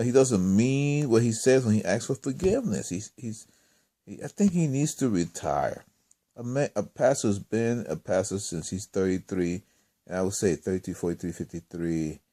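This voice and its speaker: A man's voice: on the low side, expressive, normal speed, dark tone. A man telling a story in a casual, rambling monologue, often exasperated and repeating himself. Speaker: vlogger.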